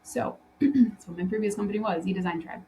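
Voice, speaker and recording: Woman doing a solo podcast, mid pitch, rambly and chatty, lots of um and you know, laughs a lot. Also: a little fast, mellow, a little hiss or hum, rough recording. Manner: chatty, loose, with frequent fillers and restarts; laughs often while telling stories. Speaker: podcast host and interior design business coach.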